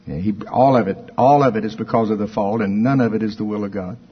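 A male preacher in full sermon, dropping to quiet asides and then rising loud as he quotes scripture. His voice is husky, and the recording sounds a little dull. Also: fairly low pitch, steady tone, fast.

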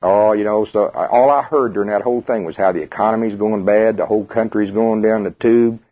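Husky preacher on tinny radio. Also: male voice, lowish voice, steady tone, brisk. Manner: conversational, asks the congregation questions. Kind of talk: sermon.

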